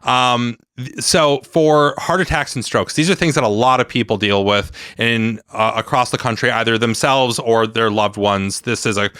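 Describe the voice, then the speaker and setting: A man's voice: mid-range voice, fairly even intonation, moderate pace, fairly bright tone, clean tone, dry recording, clean studio sound. A man hosting an interview podcast, talking in a friendly, hesitant way with frequent restarts. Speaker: podcast host. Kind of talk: casual interview chat.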